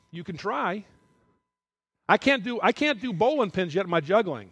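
A man's voice: high-pitched, big pitch swings, normal speed, a bit bright, husky, no room sound, lo-fi sound. A middle-aged man giving a sermon in a candid, conversational way, at times emotional. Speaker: preacher.

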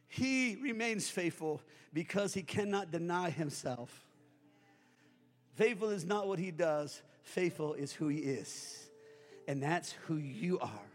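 High-voiced older man preaching. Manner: builds to fervent shouting preaching. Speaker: pastor. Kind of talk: sermon. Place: church sanctuary. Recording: reverberant church hall with music.

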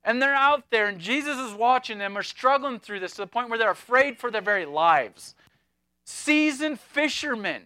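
A man preaching with a high, bright voice in an animated, chatty way, full of asides and jokes. The sound is dry and close, with no room around it. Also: normal speed, smooth, no echo. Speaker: pastor. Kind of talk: sermon.

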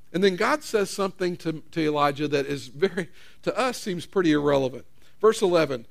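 A man's voice: fairly high pitch, lively intonation, brisk, gravelly. A male pastor giving a conversational sermon, reading Bible verses aloud and explaining them.

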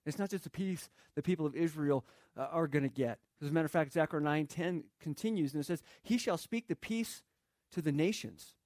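A man's voice: on the high side, fairly quick, a little mellow, no echo, clean studio sound. A man preaching a sermon, earnest, quoting scripture and building in intensity. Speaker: pastor.

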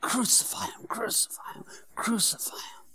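A man performing a first-person church monologue as the apostle Peter, an earnest middle-aged fisherman, telling the story in a hushed, sorrowful tone that swells into fervent preaching. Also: high voice, expressive, moderate pace, dry recording. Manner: storytelling, swinging from hushed whispers to fervent shouts.

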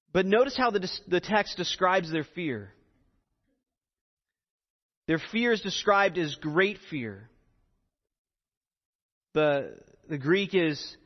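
A man preaching in slow, emphatic, expository phrases, his voice sitting a little high for a man. The sound is dull and muffled, and a long reverb hangs behind him as if in a large hall. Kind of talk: sermon.

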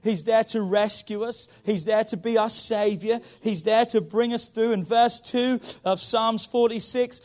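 Emphatic high-voiced male preacher. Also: fairly even intonation, unhurried, hardly any pauses, darkish tone. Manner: emphatic, repeats "come on", rises and drops in volume. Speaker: pastor. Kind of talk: sermon.

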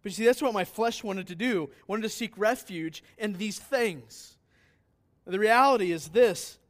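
A man preaching a sermon as pastor, asking rhetorical questions and swinging between loud declarations and quiet asides. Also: high-pitched, a little slow.

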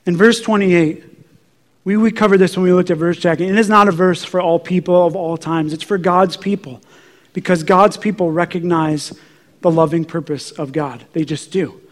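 A man with a high voice preaches a sermon with earnest intensity. He builds through repeated phrases and at times sinks to a soft, hushed near-whisper. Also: steady tone, normal speed. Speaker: pastor.

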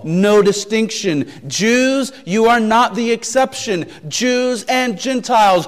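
Speaking in a large hall, this animated male pastor pitches his voice high and preaches with deliberate emphasis, circling back to key phrases and asking probing rhetorical questions.

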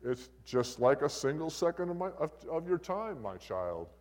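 A man voicing God as a kindly, fatherly male deity, calm and indulgent. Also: fairly high pitch, normal speed, voice pushed up. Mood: gentle.

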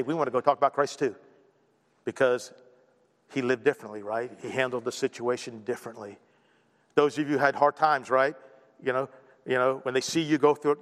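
A middle-aged pastor with a medium-pitched voice preaches a sermon in a conversational, animated style, with a big-room sound. He often checks in with "right?" and acts out the voices he quotes.

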